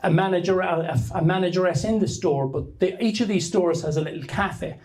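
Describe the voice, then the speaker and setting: A man's voice: high-pitched, a little fast, a little mellow, poor audio. An Irish man telling a rambling story to a live audience, with frequent restarts and fillers. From Ireland. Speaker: speaker giving a talk to an audience.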